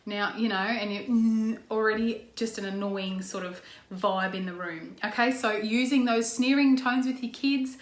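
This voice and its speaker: A woman's voice: medium pitch, normal speed, hardly any pauses. Australian woman coach, casual talk to camera, chatty with lots of "okay", reverberant room. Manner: chatty, frequent "okay" and "um", talks with her hands, acts out example tones. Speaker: parenting coach. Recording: echoey room.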